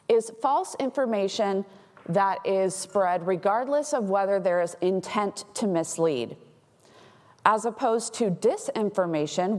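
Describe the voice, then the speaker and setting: A woman from Texas giving a conference talk as a threat intelligence analyst, explaining in a clear way with light humor. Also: medium pitch, a little mellow. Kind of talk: conference presentation. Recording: long hall reverb.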